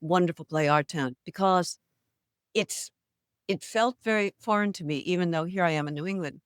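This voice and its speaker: A woman's voice: on the low side, moderate pace, clear, resonant tone, dry recording, studio quality. An older woman, an actress, talking as a guest in a casual interview, telling stories with animation and frequent laughter. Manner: animated storyteller, laughs often. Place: New England.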